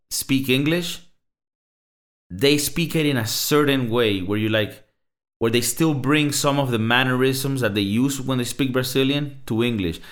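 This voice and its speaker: A man's voice: mid-range voice, a bit bright. A Latin American man co-hosting a podcast, talking loosely and profanely with lots of "bro" and "like". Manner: loose, swearing, many fillers like "bro" and "like". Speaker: podcast co-host. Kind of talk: casual chat.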